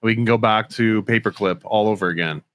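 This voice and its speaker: A man's voice: fairly low pitch, fairly quick, fairly bright tone. A man in a casual podcast chat who jokes and asks playful questions. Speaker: podcast co-host.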